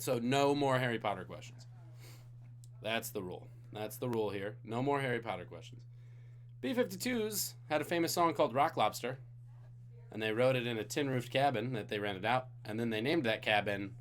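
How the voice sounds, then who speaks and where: A man's voice: medium pitch, fairly quick, a little hiss or hum. A man from Singapore hosting a live-streamed trivia night, reading questions with jokey, playful asides to the chat. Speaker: trivia host.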